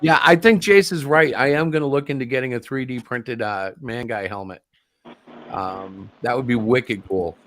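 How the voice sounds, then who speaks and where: A man's voice: mid-range voice, moderate pace, fairly bright tone, a little hiss or hum. A man hosting a casual group livestream chat over a video call, joking and rambling, laughing often. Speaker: host.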